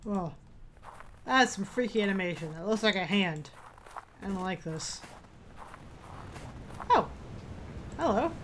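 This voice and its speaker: A woman gives casual let's-play commentary, swinging between exclaiming and muttering in wary asides. Her voice sits at a middle pitch. A faint noise runs underneath. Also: a little slow, long pauses, fairly bright tone.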